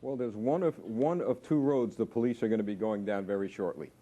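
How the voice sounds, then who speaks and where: A man who works as a detective gives his measured view as a talk show guest, with some hesitations. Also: on the low side, warm tone, highs cut off.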